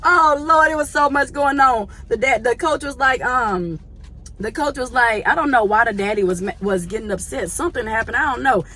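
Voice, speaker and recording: A woman telling a lively story to her viewers, chatty and slangy, laughing often and calling them y'all. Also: on the high side, normal speed. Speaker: vlogger.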